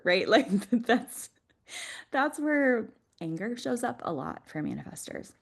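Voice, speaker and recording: A woman's voice: medium pitch, sing-song, a little slow, gravelly. A woman being interviewed on a podcast, explaining her field enthusiastically and laughing often. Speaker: podcast guest, Human Design mentor.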